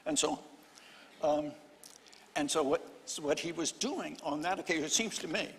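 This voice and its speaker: An older historian on a panel speaks slightly high for a man, telling a story in stop-start phrases with dry humor. The live hall gives his voice a long, trailing reverb. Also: fairly bright tone, a little hiss or hum. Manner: halting, many restarts, wry storytelling. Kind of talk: panel discussion.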